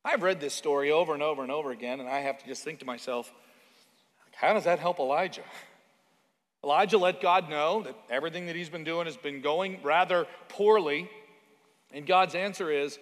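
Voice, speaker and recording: A man's voice: fairly high pitch, fairly quick, fairly bright tone. A man preaching a sermon as pastor, in a conversational way with asides and stories from his own life. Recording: long reverb of a large hall.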